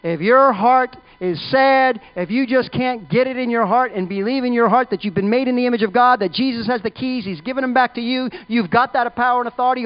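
A man preaching a sermon in an emphatic, conversational way. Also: extremely high pitch. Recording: dull lo-fi recording.

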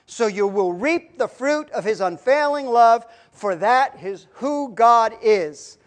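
Emphatic high-voiced woman preacher. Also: lively intonation, takes it slowly. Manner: earnest, emphatic, rises and drops in volume. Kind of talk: sermon.

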